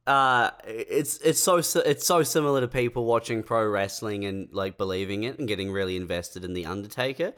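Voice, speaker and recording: Smooth-voiced Australian man ranting. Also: fairly low pitch, fairly quick, hardly any pauses, a bit bright. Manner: ranting, laughs often, swears. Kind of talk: casual comedic chat.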